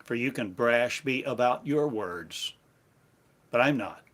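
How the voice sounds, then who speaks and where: A man giving a slow, meditative sermon in halting, repetitive phrases, like an incantation. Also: mid-range voice, expressive, a bit bright. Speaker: spiritual teacher.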